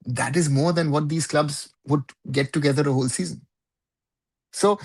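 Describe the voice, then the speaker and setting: A man hosting a live football talk show, giving opinionated commentary in a conversational way and often checking in with "right?". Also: on the high side.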